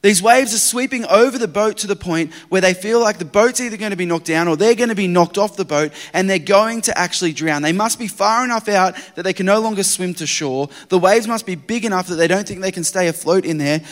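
Guy preaching a sermon, highish voice, goes loud then real hushed, big echoey hall. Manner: dramatic swings from loud urgency to hushed quiet. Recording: long hall reverb.

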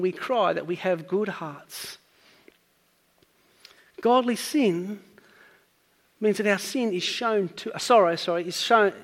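A man's voice: high voice, fairly bright tone, in a large hall. A man preaching a sermon, earnestly teaching and building up to emphatic points.

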